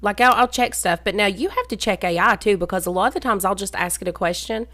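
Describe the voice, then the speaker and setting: A woman's voice: mid-range voice, fast, fairly bright tone. A woman co-hosting a podcast, chatting casually, jumping in with comments and reactions. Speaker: podcast co-host. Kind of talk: casual chat.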